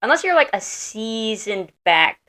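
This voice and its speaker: Woman, podcast co-host, casual playful chat, bright, fairly high voice. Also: moderate pace. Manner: animated, playful, laughs a lot.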